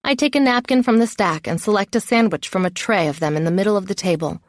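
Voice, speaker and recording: A woman's voice: medium pitch, fast talker, no room sound, studio quality. A woman narrating a first-person novel in a wry, self-mocking inner voice. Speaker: audiobook narrator.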